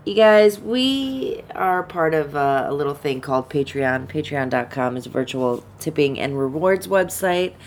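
A woman's voice: deep voice, lively intonation, measured pace, few pauses, a little hiss or hum. A woman co-hosting a casual podcast, rambling with many ums and uhs. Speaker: podcast co-host.

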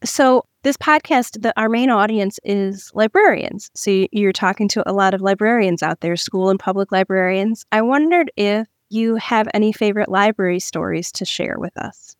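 A woman's voice: mid-range voice, no echo, clean studio sound. A woman hosting a podcast interview, offering encouraging responses and asking guests questions. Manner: encouraging, quick affirmations.

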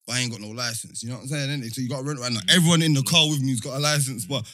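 A man's voice: medium pitch, rapid-fire, pushed and bright, no room sound, clean studio sound. A young man, telling stories in casual slang-heavy chat and acting out both sides of the exchanges.

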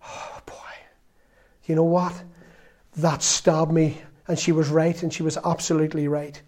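A man in his fifties delivers an earnest, conversational sermon in a slightly high voice. He talks plainly to his listeners and sometimes drops to a quiet, confessional tone. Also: flat delivery, moderate pace. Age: 50s. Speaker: preacher.

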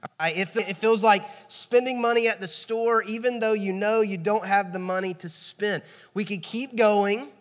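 A man's voice: high voice, steady tone, normal speed. A man preaching a sermon in a church auditorium, talking to the congregation in a conversational way and asking them for responses. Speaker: pastor. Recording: long hall reverb.

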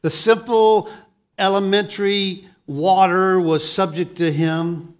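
A man preaching a sermon as pastor, swinging between soft, low lines and loud, lively ones, often restarting his words. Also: slow pace.

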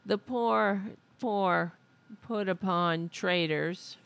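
Gravelly, slow-talking sarcastic woman host. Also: medium pitch, a bit bright. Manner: sarcastic, heated ranting. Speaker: podcast host. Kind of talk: casual political commentary.

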